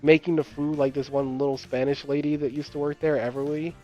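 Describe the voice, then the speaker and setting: A man's voice: a little high, level tone, fairly quick, mellow. A young man chatting casually while gaming, rambling through stories with frequent laughs and casual swearing. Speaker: gamer and channel host. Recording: dull lo-fi voice chat with game music. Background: game music.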